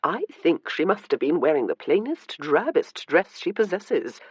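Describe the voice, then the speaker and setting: A woman's voice: lowish voice, very animated, measured pace, slightly rough, dry recording, muffled recording, exaggerated voice. Elizabeth, a woman reading a wry noblewoman. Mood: teasing. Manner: dry and teasing. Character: wry, perceptive noblewoman, teasing and composed. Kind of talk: audiobook character reading.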